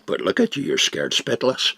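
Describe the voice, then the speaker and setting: An older man giving a reflective Bible talk, expressive and acting out the quoted dialogue. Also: medium pitch, moderate pace, creaky. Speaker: Bible teacher.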